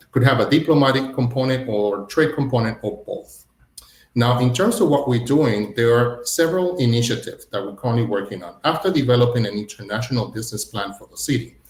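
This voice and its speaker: A man who directs a city's international trade office, answering a panel question point by point. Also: medium pitch. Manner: orderly, lists points one by one. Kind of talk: panel answer on a virtual summit. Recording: echoey room.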